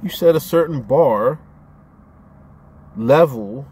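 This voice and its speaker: A man's voice: mid-range voice, expressive, slow, a little mellow, a little hiss or hum. A man ranting on his own channel in a casual, profane, rambling way, often stammering as he restarts his sentences. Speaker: vlogger. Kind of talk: casual rant to camera.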